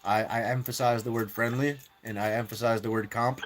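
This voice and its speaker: A man's voice: mid-range voice, fairly even intonation, a little fast, soft background music. A man streaming a mobile war game, talking strategy in a rambling way with many fillers and restarts. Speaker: gaming live streamer. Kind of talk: casual strategy chat.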